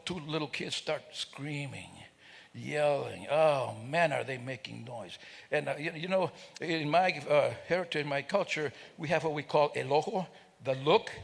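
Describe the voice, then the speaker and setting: A man's voice: a little high, creaky, husky. An older man telling a funny story to a live audience, joking and teasing people in the crowd. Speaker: speaker at a celebration. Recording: reverberant hall.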